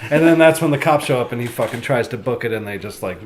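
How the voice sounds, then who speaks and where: A man's voice: medium pitch, expressive, quick pace. A man telling a rambling, profane story in casual podcast chat, acting out the people in it. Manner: rambling, profane, slips into quoted voices. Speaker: comedian guest. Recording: noisy podcast recording.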